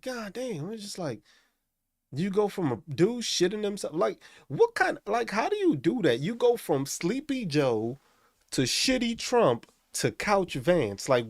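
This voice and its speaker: A male live stream host rants with constant profanity, and his pitch swings widely as he gets worked up. His voice sits a bit high, and it sounds dry and close to the mic. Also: no echo. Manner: profane, animated ranting. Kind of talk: casual live stream rant.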